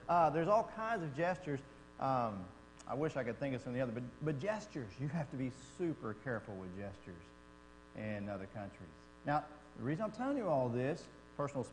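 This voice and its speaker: A man teaching a Bible class in a conversational, animated way, acting out quotes as he explains. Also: mid-range voice. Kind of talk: church class lecture. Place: church classroom. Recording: long reverb in a church hall, faint hum.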